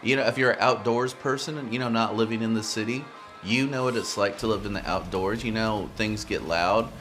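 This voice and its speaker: A man's voice: fairly low pitch, brisk, fairly bright tone, soft background music. A man hosting a podcast, talking loosely to listeners with lots of fillers. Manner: loose, filler-heavy talker addressing listeners. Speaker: podcast host. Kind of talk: casual podcast chat.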